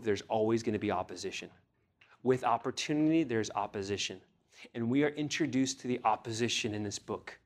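A young man delivering a sermon in an earnest preaching voice, pitched in a middle register. He reads scripture aloud and puts pointed questions to his congregation, lifting his voice on the phrases he stresses. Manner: earnest preaching, rising with emphasis on key phrases. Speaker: pastor.

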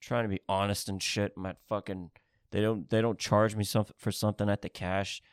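A man's voice: on the low side, little pitch movement, a little fast, clean tone, no echo, clean studio sound. Rambling, foul-mouthed male podcast ranter. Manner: rambling, swearing, restless, jumps between topics. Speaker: podcast host. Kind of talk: profane comedic rant.

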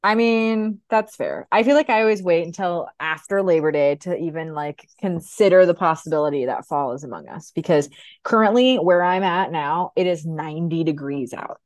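A woman's voice: on the low side, normal speed, no echo. Playful woman chatting on a podcast. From American Midwest. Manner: playful, laughing, riffs on wordplay. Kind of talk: casual chat.

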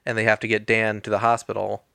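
A man casually recapping a movie plot with wry, deadpan jokes, as a podcast co-host. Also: on the low side, fast talker, gravelly, clean tone, dry recording.

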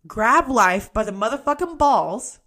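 A woman's voice: fairly high pitch, lively intonation, measured pace, a bit bright. A woman hosting a podcast, giving a blunt, emphatic motivational monologue and swearing freely. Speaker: podcast host.

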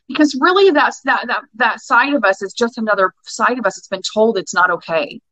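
A woman in her forties, appearing as a guest anger-work coach on a podcast interview, speaks passionately and emphatically with plenty of swearing. Her voice is a little high, pushed and bright, with lively intonation, fairly quick and with hardly any pauses, on a dry recording with poor audio.

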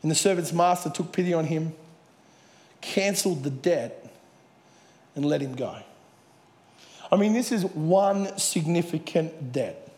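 A man's voice: on the high side, unhurried, pauses often, darkish tone. Preaching man in an echoey hall. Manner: earnest preaching with Bible readings. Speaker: pastor. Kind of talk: sermon. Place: church hall with audience.

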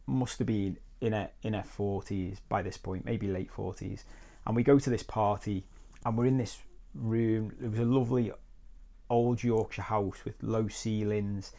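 A man's voice: on the low side, a little mellow. A man hosting a solo podcast as a life coach. He tells a personal story in a conversational, reflective way with crude asides.

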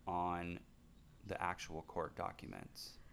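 A man's voice: deep voice, little pitch movement, slow, creaky, fairly bright tone, clean tone. A man co-hosting a podcast, chatting casually about films in a laid-back way, with short agreeing replies and the odd dry joke. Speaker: podcast co-host. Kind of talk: casual film discussion.

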